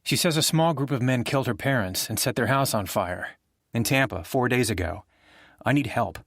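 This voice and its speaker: A man voicing a tense, grieving former professor who speaks in a quiet, controlled way in an audiobook. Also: medium pitch, moderate pace, creaky, no room sound, clean studio sound. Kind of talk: audiobook character voice.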